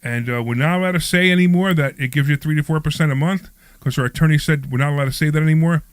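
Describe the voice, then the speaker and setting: On a live radio talk show, a man opens with an upbeat, scripted intro before sliding into loose banter with his co-hosts. His voice is on the higher side, quick-paced and smooth. The sound is dry and close with no echo, recorded in a studio at a training office.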